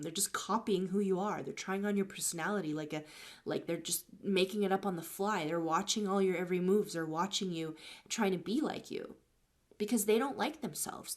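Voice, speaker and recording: A woman life coach talking casually on a live stream, thanking viewers between stories and advice. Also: medium pitch.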